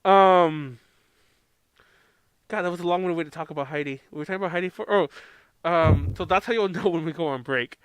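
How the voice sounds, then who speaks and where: High-voiced, rambling American man. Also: a little fast, pauses often, smooth. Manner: rambling, laughs often, swears freely. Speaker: podcast co-host. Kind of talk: casual chat.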